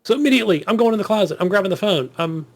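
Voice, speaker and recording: A man's voice: sits high, very fast. Rambling, swearing male podcast host. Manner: profane, rambling, animated. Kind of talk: casual gaming chat.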